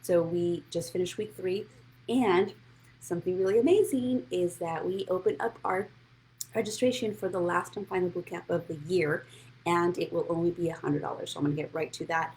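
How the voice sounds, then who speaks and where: A woman's voice: on the low side, normal speed, darkish tone. A woman hosting a casual live money show, bubbly and greeting viewers by name. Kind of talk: casual live-stream chat.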